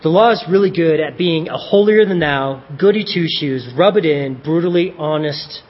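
Husky-voiced man preaching a sermon. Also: a little high, normal speed, lo-fi sound. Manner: conversational, self-deprecating, with joking asides.

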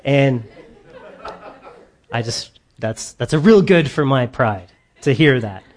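A man's voice: medium pitch, lively intonation, takes it slowly. A man preaching a sermon to his congregation, earnest and emphatic, with the odd joking aside. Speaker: pastor.

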